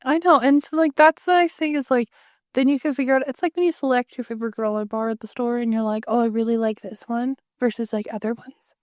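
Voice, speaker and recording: Higher-voiced woman co-host, relaxed chat. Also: quick pace, no room sound, clean studio sound. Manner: relaxed, conversational, many fillers. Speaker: podcast co-host. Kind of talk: casual chat.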